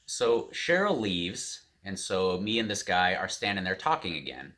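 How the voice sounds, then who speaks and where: A man with a lowish, bright voice recounts a personal story in vlog style. His pitch swings widely as he replays conversations, but the people he quotes keep his own voice. He talks casually, with plenty of fillers. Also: very animated, measured pace. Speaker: vlogger.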